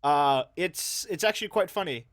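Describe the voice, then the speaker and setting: A man's voice: on the high side, lively intonation, moderate pace, dry recording. Rambling young man, dry close sound. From Canada. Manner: rambling, with many fillers and restarts. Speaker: host. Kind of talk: casual anime review chat.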